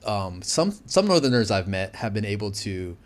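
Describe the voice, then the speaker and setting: A man from the United States speaks as an interview guest in a fairly low voice. He talks in an animated, chatty way, often padding his sentences with fillers. The tone is casual and conversational. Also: normal speed.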